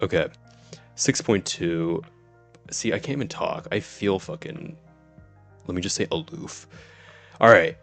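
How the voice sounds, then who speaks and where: Casual streamer, twenties, male, deep and gravelly, giddy, laughs a lot. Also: lively intonation, measured pace, pauses often, fairly bright tone, soft background music. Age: 20s. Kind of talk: casual live-stream chat.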